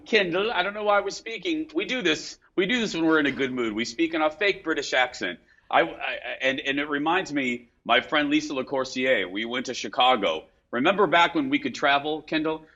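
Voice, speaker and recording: A man hosting a talk show, telling a casual story in a chatty, animated way. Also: medium pitch, muffled recording. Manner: chatty storyteller, lively delivery. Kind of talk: casual studio banter.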